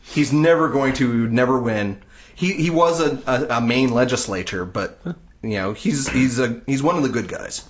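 A man's voice: medium pitch, normal speed, a little hiss or hum. A man co-hosting a podcast in casual chat, wry and joking. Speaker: podcast co-host. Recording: dull, echoey podcast audio.

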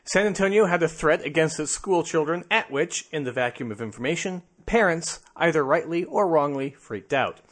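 A man's voice: fairly high pitch, expressive, normal speed, few pauses. A man hosting a skeptic podcast, chatting casually and joking with laughter. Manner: jokey, laughs often, playful. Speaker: podcast host.

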